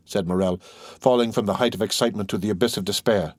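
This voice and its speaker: A man narrating a classic novel as an audiobook in a steady, even reading voice. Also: lowish voice, quick pace, dry recording, studio quality. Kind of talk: scripted narration.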